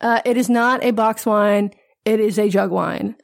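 A woman co-hosts a podcast with a deadpan, sarcastic delivery in loose, casual chat. Her voice sits at an ordinary middle pitch. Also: measured pace, gravelly. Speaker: podcast co-host.

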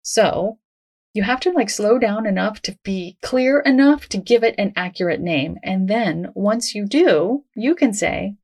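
A woman hosting a self-help podcast, talking in a gentle, reassuring, conversational way. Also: mid-range voice, lively intonation, measured pace. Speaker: podcast host.

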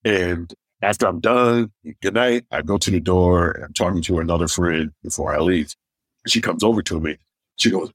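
A stand-up comedian from Michigan telling personal stories in an interview and acting out what other people said. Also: male voice, deep voice, moderate pace, no room sound. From Michigan, USA. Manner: animated anecdotes, acting out others' lines; deaf in one ear. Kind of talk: storytelling in a podcast interview.

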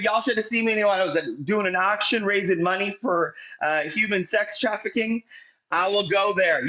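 Male livestream host, high-pitched, upbeat and pushy about audience shares. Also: normal speed, muffled recording. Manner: energetic, rallying viewers to share. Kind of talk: livestream interview.

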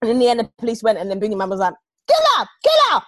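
A British woman co-hosting a podcast, telling animated stories in casual chat. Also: mid-range voice, rapid-fire, no echo, studio quality. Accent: British English. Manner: animated, storytelling, lots of impressions. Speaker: podcast co-host.

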